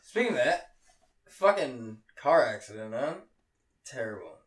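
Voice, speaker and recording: Animated man telling a story, roomy sound. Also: mid-range voice, unhurried, distant mic. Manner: animated storytelling, heavy swearing, laughs often. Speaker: podcast co-host. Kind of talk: casual chat. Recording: roomy, off-mic echo.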